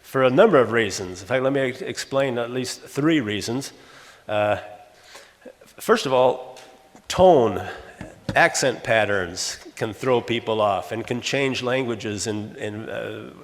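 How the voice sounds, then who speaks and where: A man in his sixties, a retired English teacher, lecturing in a halting, teacherly way with many restarts. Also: medium pitch. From Los Angeles, USA. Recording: long hall reverb.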